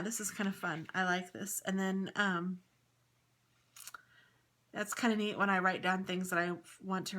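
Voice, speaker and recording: A woman's voice: on the low side, a bit bright, slight background noise. A woman casually chatting through a flip-through of her craft planner, upbeat and rambling. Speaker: crafting vlogger.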